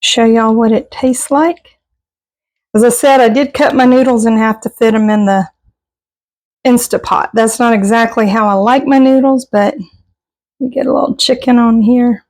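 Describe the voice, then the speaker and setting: A woman's voice: a little high, steady tone, normal speed, a little mellow, rough recording. A woman chatting casually in her home kitchen, folksy and self-deprecating as she cooks and tastes. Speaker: home cooking vlogger. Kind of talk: casual cooking vlog chat.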